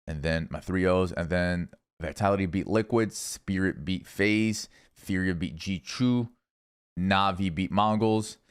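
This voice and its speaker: A young man streaming, casually rambling through esports predictions with lots of swearing and thinking out loud. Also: low-pitched, slow pace, smooth. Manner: rambling, profane, thinking aloud.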